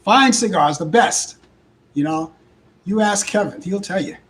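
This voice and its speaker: Older brooklyn guy hosting, voice shot and hoarse, rambly, highish voice, bit of hiss behind. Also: fairly bright tone, low-quality recording. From Brooklyn, New York. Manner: rambling, repeats himself, halting restarts. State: hoarse, voice worn out. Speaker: host. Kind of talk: casual live show chat.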